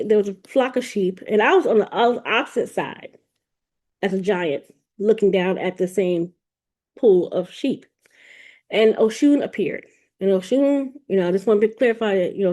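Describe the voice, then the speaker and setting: Mellow-voiced woman telling a spiritual story. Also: medium pitch. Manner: rambling, repeats words, many restarts. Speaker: podcast host. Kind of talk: casual spiritual storytelling monologue.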